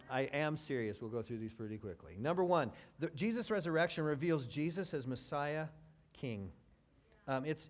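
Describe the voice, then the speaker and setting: Preaching to his congregation, this male pastor swings from forceful, rising crescendos to hushed, soft stretches. Dry, wry remarks aimed at the listeners punctuate his sermon.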